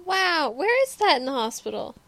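A woman quips and reacts eagerly while watching a film. Her voice is high and bouncy, and it is recorded close and dry. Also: big pitch swings, normal speed, a bit bright, no room sound. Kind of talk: joking commentary over a film.

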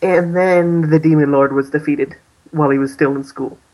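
A man's voice: fairly high pitch, fairly even intonation, normal speed, a little mellow, slight background noise, poor audio. A man co-hosting a casual podcast, hesitantly recapping a story and laughing often. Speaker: podcast co-host.

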